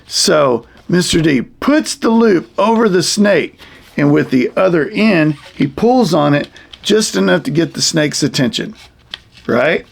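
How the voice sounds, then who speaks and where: A man's voice: on the high side, expressive, a little slow, gravelly. A man teaching wilderness survival to kids, explaining in a rambling, folksy way with lots of fillers. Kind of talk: casual how-to demonstration for kids.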